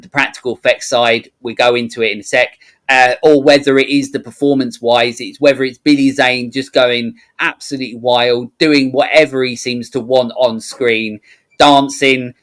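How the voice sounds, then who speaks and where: A man joins a podcast as a guest and talks in a loose, casual way. He circles back to the same filler phrases, and his voice sits in a middling pitch. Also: a bit bright. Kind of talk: casual chat.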